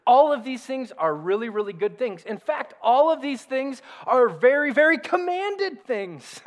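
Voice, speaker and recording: Animated high-voiced preacher in a reverberant hall. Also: male voice, moderate pace. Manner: animated, conversational preaching with emphatic repetition. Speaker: pastor. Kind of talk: sermon.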